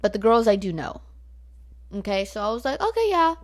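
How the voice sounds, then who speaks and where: A woman's voice: medium pitch, steady tone, a little fast, a little mellow. A nineteen-year-old woman from Northern California, ranting bluntly at home into her laptop mic, swearing freely and filling her talk with likes and rights. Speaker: vlogger. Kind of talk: casual ranting storytime. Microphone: laptop built-in mic.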